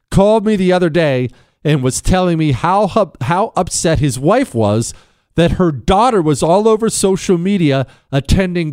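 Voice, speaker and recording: A man's voice: a little high, darkish tone, no echo, clean studio sound. A male talk radio host reading listener emails and giving a combative, preachy monologue, mocking imagined callers in put-on voices.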